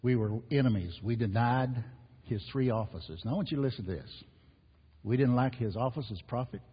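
A husky, breathy male preacher delivers an emphatic sermon that surges and drops. His voice rings out in a long hall reverb, and the recording is muffled. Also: medium pitch, a little fast. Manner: emphatic preaching, rising and falling with repetition. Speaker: pastor.

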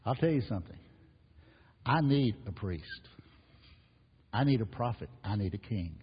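A man's voice: fairly low pitch, expressive, unhurried, breathy edge. A man preaching a sermon as pastor, emphatic and repetitive, rising and falling in force. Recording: muffled, reverberant hall recording.

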